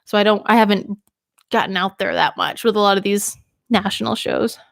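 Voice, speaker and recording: A woman's voice: medium pitch, a little fast, gravelly, fairly bright tone, dry recording, studio quality. A young woman from Maine, a radio DJ, rambling casually on a livestream while a little tipsy from drinking. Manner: chatty and rambling, laughs often.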